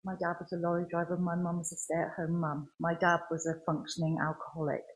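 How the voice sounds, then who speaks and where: A woman giving a personal faith testimony in church, speaking earnestly in a halting way with many restarts. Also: fairly low pitch, monotone, low-quality recording.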